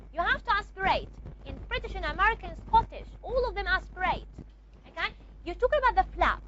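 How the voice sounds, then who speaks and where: A woman's voice: very high-pitched, pushed and bright, muffled recording, slight background noise. A woman teacher giving a classroom lecture, explaining step by step and often checking with the class.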